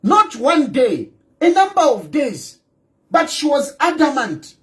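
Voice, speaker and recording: A man's voice: very high-pitched, wildly swooping pitch, slow pace. A man with a Zambian accent giving an emphatic broadcast monologue as a political commentator, with repeated rhetorical questions. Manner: emphatic and repetitive, rhetorical questions, switching into local phrases.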